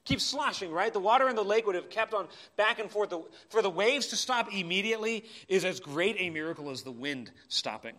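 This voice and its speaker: A man preaching a sermon in a church, impassioned, swinging between urgent cries and quiet asides. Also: high voice, lively intonation, fairly quick, few pauses. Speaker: pastor.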